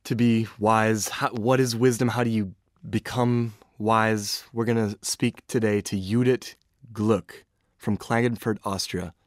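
A man hosting an interview, introducing the guest and asking measured, friendly questions. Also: fairly low pitch, fairly even intonation, no echo, studio quality. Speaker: host.

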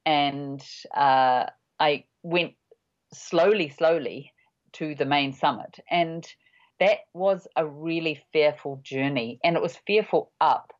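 A woman in her sixties, a mountain guide, giving measured, halting interview answers with many pauses. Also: low-pitched. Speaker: high-altitude mountain guide. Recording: dull lo-fi audio.

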